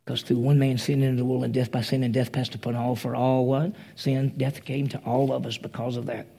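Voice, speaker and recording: A man's voice: medium pitch, little pitch movement, brisk, vocal fry, warm tone, husky. A man preaching a conversational sermon, acting out the quoted voices as he retells a story.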